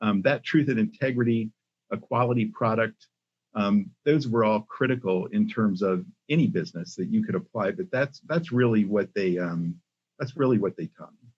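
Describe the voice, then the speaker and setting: An older man, a company CEO, speaking as a podcast guest in a measured way with many pauses and restarts. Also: lowish voice, breathy edge. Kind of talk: casual interview talk. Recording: muffled lo-fi audio.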